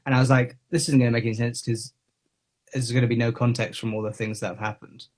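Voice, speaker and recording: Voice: medium pitch, little pitch movement, fast talker. A podcast co-host chatting casually, teasing and giggling often. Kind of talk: casual chat.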